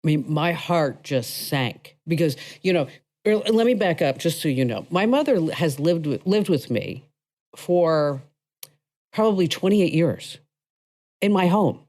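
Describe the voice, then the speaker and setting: Middle-aged woman, podcast host, chatty personal storytelling, lively up-and-down voice, dry close sound. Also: low voice, unhurried, no echo. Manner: animated, chatty storyteller who laughs between lines.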